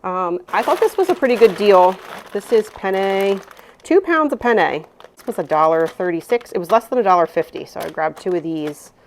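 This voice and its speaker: A woman's voice: mid-range voice, animated, normal speed, a little hiss or hum. A woman in her thirties, a mother casually narrating a grocery haul with lots of "um"s and rambling asides. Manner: chatty, rambling with many "um"s. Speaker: vlogger, mother.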